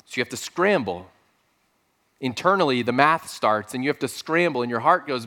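Male pastor, mid-pitched, earnest sermon delivery with emphatic repetition. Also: lively intonation, normal speed, bright, forceful tone. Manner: earnest, emphatic, with repeated phrases.

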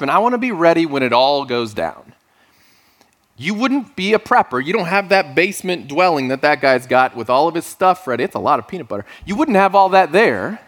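A man's voice: on the high side, fairly bright tone. A man preaching a sermon as pastor of his church, talking conversationally with dry, self-deprecating asides.

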